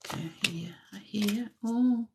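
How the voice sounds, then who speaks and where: A woman giving a live-stream tarot reading in a soft, musing way that drifts into whispers, with frequent light laughs. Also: lowish voice, takes it slowly, background noise. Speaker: tarot reader.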